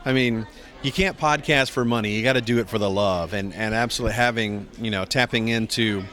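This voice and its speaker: Animated man telling convention stories. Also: brisk. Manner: animated storyteller, acts out quotes with big pitch jumps. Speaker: voice actor guest. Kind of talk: convention interview.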